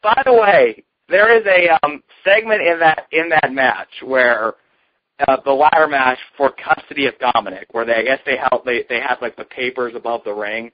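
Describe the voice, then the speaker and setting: A man's voice: medium pitch, moderate pace, dry recording. A man co-hosting a casual wrestling talk show, telling profane, jokey stories. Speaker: podcast co-host. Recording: dull lo-fi dry sound.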